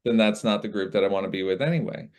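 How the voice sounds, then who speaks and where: A man's voice: lowish voice, fast talker, crowd noise. A man, a guest audiobook narrator in casual conversation, rambling and reflective, with frequent restarts.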